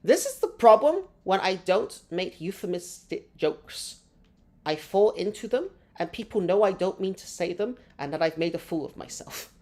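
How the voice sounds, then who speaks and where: A woman's voice: mid-range voice, sing-song, moderate pace, a little mellow. A woman hosting a live gameplay stream, chatting with her audience in a rambling, self-mocking way. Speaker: gaming streamer.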